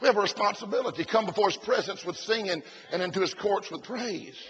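A man preaching a sermon at a conference, breaking into shouted lines and "bless God" asides. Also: high-pitched, fast, highs cut off, slight background noise. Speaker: pastor. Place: conference hall.

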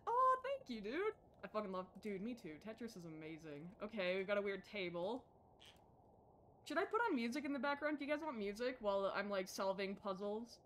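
A young woman streaming a game live, chatting casually with her viewers and getting excitable. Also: on the high side, a little hiss or hum. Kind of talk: casual live-stream chat while playing. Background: faint background music.

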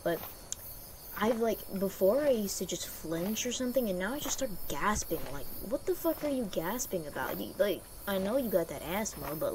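A woman's voice: medium pitch, background noise. A young woman streaming a horror game, swearing freely, rambling and gasping at scares. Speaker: gaming streamer. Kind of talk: horror game playthrough commentary.

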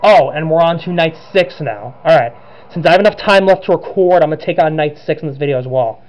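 Excitable man narrating his gameplay. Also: on the high side, quick pace, muffled recording, a little hiss or hum. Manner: excitable, narrating each move. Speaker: gaming channel host. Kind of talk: let's-play commentary.

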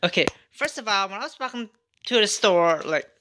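A woman's voice: mid-range voice, lively intonation, brisk, background noise. A woman talking straight to camera in a rambling couponing storytime vlog, sassy and repetitive, often circling back over her own words. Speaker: couponing vlogger.

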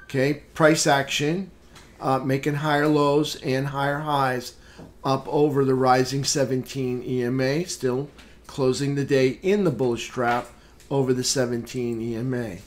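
A man hosting a live trading room, calmly talking through market charts with casual fillers. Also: medium pitch. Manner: unhurried, plain chart commentary with fillers. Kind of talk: live market recap walkthrough.

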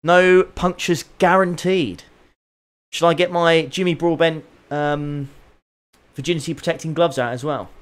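A man streaming a racing game, chatting casually with viewers, excitable and jokey with plenty of swearing. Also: fairly high pitch, a little slow, smooth. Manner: excitable, joking, swears freely. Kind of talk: casual live-stream commentary.

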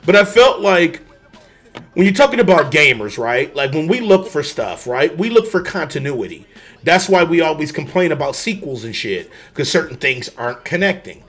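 Male co-host, slightly high voice, animated and profane, casual chat. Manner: animated, profane, quick to laugh. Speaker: podcast co-host.

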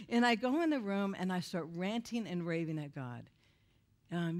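Speaking at a moderate pace in an expressive, medium-pitched voice, a middle-aged woman shares her confessional testimony as a church guest speaker, moving between emotion and laughter as she tells her story.

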